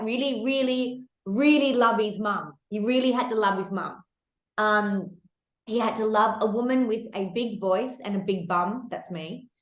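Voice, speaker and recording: A woman hosting a candid, casual podcast chat, animated and laughing, with casual swearing. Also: mid-range voice, echoey room. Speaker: podcast host.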